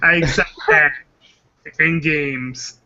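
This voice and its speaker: A man's voice: on the high side, fairly even intonation, slow pace, pushed and bright. A man co-hosting a podcast in casual chat, offhand and joking. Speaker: podcast co-host. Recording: dull lo-fi stream audio with faint background noise.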